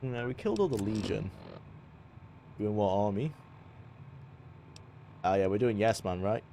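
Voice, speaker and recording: A young man with a Welsh accent chatting casually while streaming a game, barking quick orders at his squad. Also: lowish voice, lively intonation, dark tone, slight background noise. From Wales. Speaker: livestreamer. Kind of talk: live gameplay commentary.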